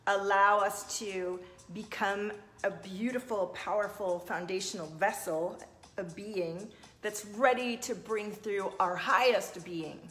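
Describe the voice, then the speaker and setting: A woman's voice: mid-range voice, a bit bright. A woman hosting a livestream as a spiritual coach, talking earnestly and answering viewers' comments.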